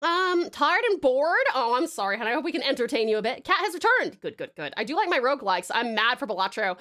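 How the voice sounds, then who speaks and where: Aussie woman on a live stream, high bouncy voice, giggly and full of pet names. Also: big pitch swings, fairly quick, bright, forceful tone. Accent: Australian. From Tasmania, Australia. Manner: bubbly, giggly, showers chat with pet names. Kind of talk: casual live-stream chat.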